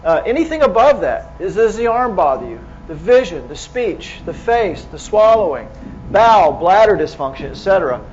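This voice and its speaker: A man with a fairly high speaking voice lectures a hall of clinicians. He talks casually and keeps throwing rhetorical questions at the audience. The recording is dull and lo-fi, with faint hiss underneath. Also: sing-song, moderate pace, darkish tone. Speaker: medical lecturer.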